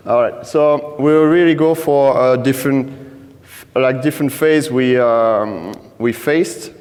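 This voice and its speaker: Man, French accent, conference talk, halting with fillers, long hall reverb. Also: mid-range voice, darkish tone. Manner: halting, many fillers and restarts. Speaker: conference speaker. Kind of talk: conference presentation. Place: conference stage.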